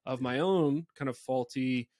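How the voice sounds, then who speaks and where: A man's voice: mid-range voice, unhurried, a little mellow, no room sound. Wry male podcast host, dry sound. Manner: wry storyteller, acts out quoted reactions. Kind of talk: casual conversation.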